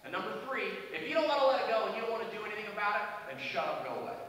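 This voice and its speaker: A man's voice: high-pitched, very fast. A man giving a motivational stage talk, telling stories and speaking directly to the audience. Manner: animated, addresses the audience directly. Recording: echoey hall from far off, faint noise.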